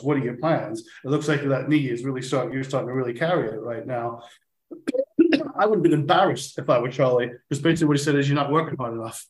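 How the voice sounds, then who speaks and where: A man's voice: medium pitch, roomy sound, poor audio. Rambling man with a strained throat. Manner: rambling, full of restarts. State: struggling to speak, throat trouble. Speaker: football club manager guest. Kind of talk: podcast chat.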